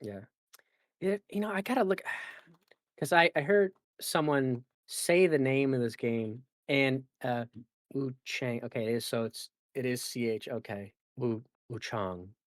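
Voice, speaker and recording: A man's voice: mid-range voice, measured pace, no room sound, studio quality. A man hosting a casual gaming podcast, rambling with lots of fillers and restarts. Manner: rambling, filler-heavy and self-correcting. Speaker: podcast host.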